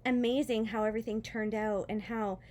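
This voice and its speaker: A woman telling a personal faith story in a casual vlog, emotional and close to tears, rambling with fillers and soft laughs. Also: fairly high pitch, fairly even intonation, brisk, a little hiss or hum. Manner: emotional, near tears, laughing softly between words; rambling with many fillers and restarts. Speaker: vlogger.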